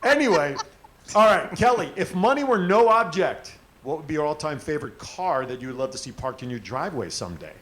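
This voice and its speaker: A man's voice: on the high side, very animated, fairly quick, a bit bright. A man hosting a casual live stream, asking long, jokey questions. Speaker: host.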